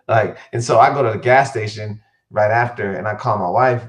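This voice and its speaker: A man's voice: on the low side, a little fast. A man, a co-head football coach, telling stories in an interview, full of fillers and restarts, acting out what others said. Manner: animated storyteller who acts out quotes, many fillers and restarts. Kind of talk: interview storytelling.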